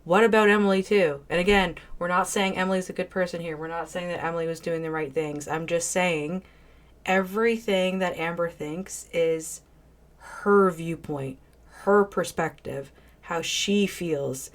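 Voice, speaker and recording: A woman's voice: lowish voice, steady tone, a little slow. A woman commentator reacting to a clip in a blunt, exasperated and sarcastic way.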